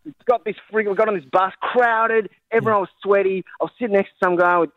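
Aussie guy telling a story on a podcast, talks quick, laughs a lot, kinda dull lo-fi audio. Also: high voice, slight background noise. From Australia. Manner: animated, laughs while telling, acts out family members. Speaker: podcast guest. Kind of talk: casual podcast anecdote.

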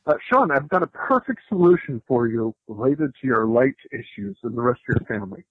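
A man's voice: mid-range voice, very animated, a little fast, slightly rough, no echo. A man who works in radio leaving a rambling, casual voicemail. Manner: rambling, self-interrupting. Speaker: radio worker, voicemail caller. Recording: dull lo-fi voicemail.

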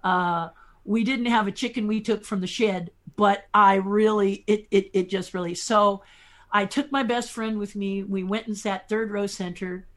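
A middle-aged woman, a podcast guest, telling lively anecdotes and laughing often as she talks. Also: medium pitch, measured pace. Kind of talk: storytelling chat.

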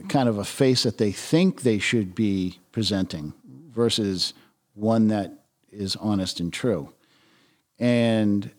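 A man as a podcast guest, talking reflectively with frequent restarts and soft trailing phrases. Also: lowish voice. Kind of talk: conversational interview.

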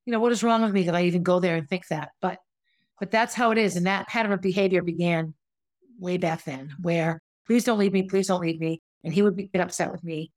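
With no room sound, her low-leaning voice stays steady and quick. This middle-aged podcast host narrates a personal story frankly and conversationally, performing the voices of the people she quotes.

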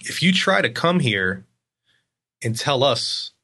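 A man in a casual interview, telling stories in a rambling, animated way with lots of fillers. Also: mid-range voice, slow, slightly rough. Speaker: agency guest.

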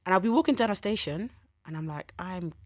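A young woman, co-hosting a casual podcast, excitable and laughing as she talks. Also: mid-range voice, fast talker, no room sound, studio quality. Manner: animated, excitable, laughs and swears. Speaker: podcast co-host. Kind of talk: casual chat.

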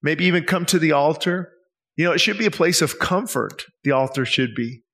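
A man's voice: fairly high pitch, expressive, a little fast, fairly bright tone. A man preaching an evening sermon in church, earnest and pleading, asking his listeners many rhetorical questions. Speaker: pastor. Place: church service.

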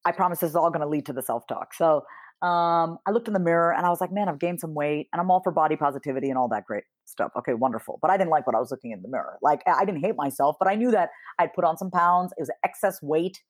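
A woman in her thirties talks as a podcast guest, animated and expressive. She acts out quoted dialogue with big jumps in pitch and swears casually as she tells her stories. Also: quick pace. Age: 30s. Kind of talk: casual interview chat.

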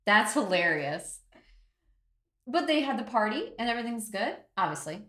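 Bright, animated woman co-hosting a podcast. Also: fairly high pitch. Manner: playful teasing, quick reactions. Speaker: podcast co-host. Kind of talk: casual chat. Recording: roomy echo.

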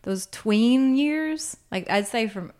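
Frank, animated woman on a podcast. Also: on the high side, takes it slowly. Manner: frank, animated, laughing asides. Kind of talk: casual podcast chat.

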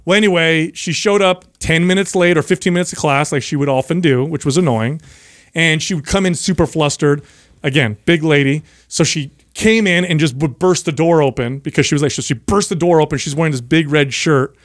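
A man's voice: on the high side, brisk, no echo, studio quality. A man hosting a casual podcast chat, telling stories with animation and frequent laughter. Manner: animated storyteller, laughs often.

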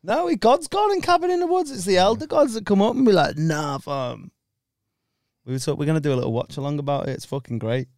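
A man's voice: on the high side, expressive, quick pace, darkish tone, no room sound, studio quality. A man, a stand-up comedian guesting on a podcast, chatting casually, rambling, swearing freely and laughing often. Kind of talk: casual banter.

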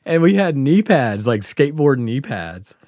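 A middle-aged man tells a loose, meandering story, dropping curses and chuckling at his own memories. His voice sits at an ordinary middle pitch. The sound is dry and close, with no room around it. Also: big pitch swings, unhurried, darkish tone, no echo. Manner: rambling, profane, laughs through his story. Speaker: podcast host. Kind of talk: casual storytelling.

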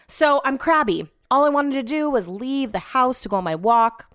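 A woman's voice: high-pitched, normal speed, few pauses, fairly bright tone, no room sound, studio quality. A woman hosting a casual solo podcast, venting about her day and swearing freely as she rambles, recorded in her home office. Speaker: podcast host.

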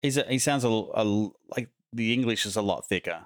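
A man's voice: lowish voice, brisk, no room sound, studio quality. A man with an Australian accent, co-hosting a casual podcast chat and chiming in with short remarks. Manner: brief interjections. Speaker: podcast co-host.

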